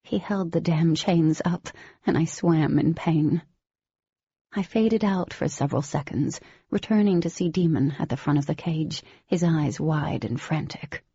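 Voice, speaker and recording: A woman giving scripted first-person audiobook narration in a steady, even storytelling manner. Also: low voice, unhurried, slightly rough, dry recording, lo-fi sound.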